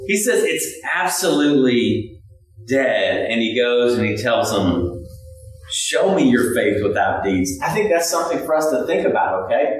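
Pastor guy preaching, high voice, shouts a lot, super echoey church hall, kinda far off. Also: normal speed. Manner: animated, shouting bursts, laughing asides. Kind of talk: sermon.

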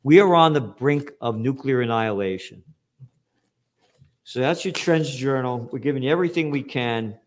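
A man hosting a show, ranting with angry, profane commentary and shouting outbursts. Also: mid-range voice, normal speed. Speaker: show host.

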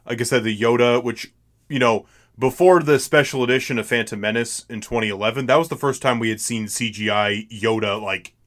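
A man's voice: medium pitch, brisk, fairly bright tone. Chatty young man on a podcast. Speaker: podcast co-host. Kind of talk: casual chat.

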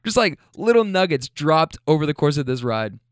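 A man's voice: on the high side, moderate pace, no echo, clean studio sound. A man, a rideshare driver, casually telling funny stories about his passengers, laughing and swearing as he goes. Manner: animated, laughing, profane. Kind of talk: casual storytelling.

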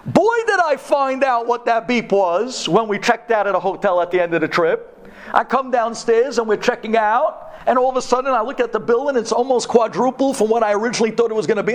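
A rabbi telling a humorous personal story in a Torah talk, animated and acting out the dialogue. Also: male voice, extremely high pitch, brisk.

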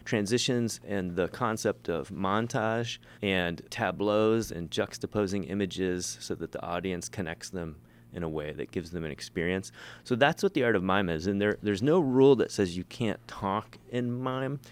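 Male interview guest, deep-ish voice, loose and self-deprecating, lots of false starts. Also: normal speed, few pauses, clean tone. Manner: rambling, self-mocking, many restarts. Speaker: mime performer and teacher, guest. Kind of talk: casual interview chat.

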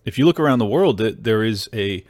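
A man's voice: lowish voice, animated, a little fast, a little mellow, dry recording, studio quality. A man hosting a podcast, delivering heated, sarcastic and profane political commentary. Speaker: podcast host.

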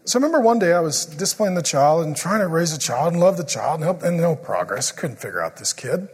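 A middle-aged man preaching a sermon, joking through family stories and turning quiet and earnest when he prays. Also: fairly high pitch, sing-song, fast talker, husky. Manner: joking storyteller who turns quiet and earnest in prayer. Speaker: pastor. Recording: long hall reverb.

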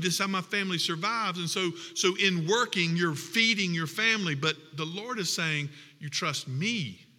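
A male pastor delivers a sermon with a very bright, ringing voice, pitched slightly above the usual for a man. He swings from scripture readings into emphatic, punchy appeals and playful asides. The sound carries a long reverb from a large church hall. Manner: preaching with rising emphatic passages and humorous asides.

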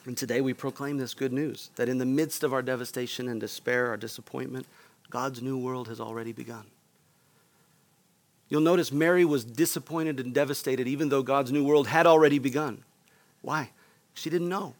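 A man's voice: medium pitch, steady tone, normal speed. A man preaching a sermon as a pastor, earnest, often asking the room for a response.

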